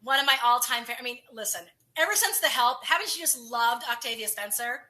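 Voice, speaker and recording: A woman's voice: fairly high pitch, lively intonation, fairly quick, sharp tone. A woman entertainment correspondent chatting casually and gushing about new films. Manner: bubbly, gushing. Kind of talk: casual news chat.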